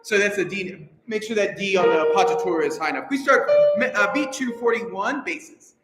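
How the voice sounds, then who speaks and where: Over loud music from the choir and instruments, a man with a high, expressive voice conducts a rehearsal, tossing out quick encouraging asides between counts. He's heard from a distance in an echoey hall, coaching as he goes.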